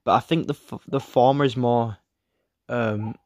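A man reads his own review script in a flat, bored way, with a sore throat. He often trails off mid-sentence, stumbles, and starts again. His voice is mid-pitched, close and very dry, with no room sound. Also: a little slow, no echo. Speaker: video reviewer.

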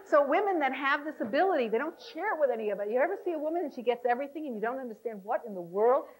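Bright-voiced female seminar instructor, lively and laughing, coaxing her class to share. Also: sits high, very fast, poor audio. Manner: animated, laughing, coaxing the audience. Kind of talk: seminar talk to a live class. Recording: 1990s VHS seminar tape.

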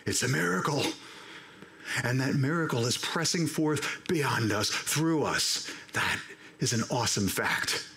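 A man preaching a sermon as pastor, animated and acting out the voices of the people he quotes. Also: mid-range voice, unhurried, vocal fry. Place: church sanctuary. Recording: roomy church echo.

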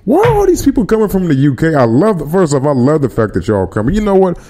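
A man's voice: a little high, fast, a little hiss or hum. A man hosting a podcast livestream, chatting casually with his viewers in slang. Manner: animated, slangy, talks to chat. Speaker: podcast host.

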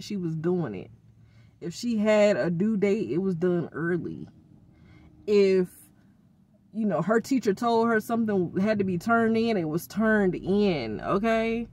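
A middle-aged woman ranting casually in a vlog, venting in exasperation about her children with informal slang. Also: medium pitch. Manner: expressive, uses informal slang. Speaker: vlogger.

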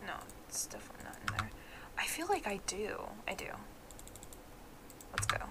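A woman's voice: mid-range voice, huge pitch swings, moderate pace, heavy background noise. A woman streaming a video game, chatting casually in a playful, goofy, self-mocking way. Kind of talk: casual gaming chat.

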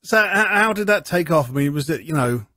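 A man hosting a music podcast, asking quick, friendly questions and chiming in with short replies. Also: on the high side, lively intonation, bright, forceful tone, no echo. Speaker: podcast host. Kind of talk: casual interview chat.

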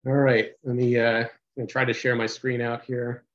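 A man co-chairing a committee, presenting a website on a video call, halting, with many uhs and restarts. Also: medium pitch, little pitch movement, a bit bright, muffled recording. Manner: halting, heavy with uh and restarts, sometimes mutters aside. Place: home office on a video call. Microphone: computer mic on a video call.

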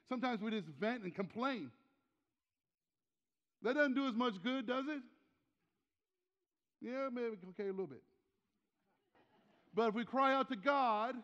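A man's voice: high voice, fairly bright tone, big-room sound, muffled recording. An older man preaching a sermon as pastor in a church, talking in a conversational way, asking rhetorical questions and repeating key phrases. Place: church sanctuary.

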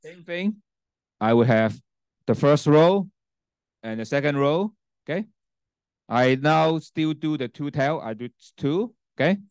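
A man's voice: a little high, expressive, a little slow, long pauses, a little mellow, smooth, dry recording, clean studio sound. A man teaching a university class and demonstrating a spreadsheet, often checking in with "okay?" and "right?" and restarting sentences. His first language is Cantonese. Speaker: university lecturer. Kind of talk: classroom lecture with software demo. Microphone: handheld mic, sometimes set down.

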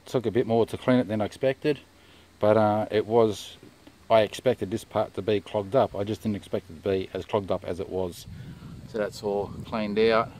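Low-voiced man talking through a car repair. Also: moderate pace, a little hiss or hum, rough recording. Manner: relaxed, step-by-step, frequent "uh" fillers. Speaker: DIY car mechanic. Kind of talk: casual how-to commentary.

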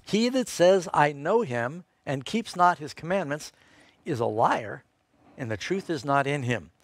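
Guy preaching a sermon, tells the story, gets louder on key points, dry close sound. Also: lively intonation, unhurried, no room sound. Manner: storytelling preacher, quoting scripture, rises in pitch and force for emphasis. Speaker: pastor.

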